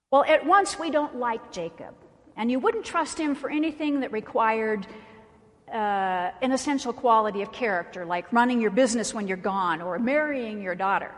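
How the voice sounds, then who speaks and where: A woman pastor preaching a sermon in a conversational way, with wry asides. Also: a little high. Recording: reverberant church sanctuary.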